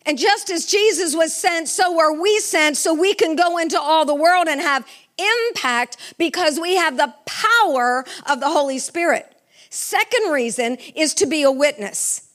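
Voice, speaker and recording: A woman's voice: high-pitched, a little slow, a bit bright. A middle-aged woman preaching a sermon with fervor, asking the congregation questions. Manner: fervent, asks the congregation questions.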